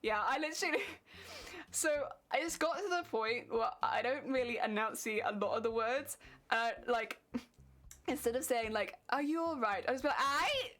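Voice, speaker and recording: Chatting casually and giggling, a young streamer from Britain responds to her viewers in the live chat. She speaks at a normal speed, her voice fairly high in pitch with a fairly bright tone.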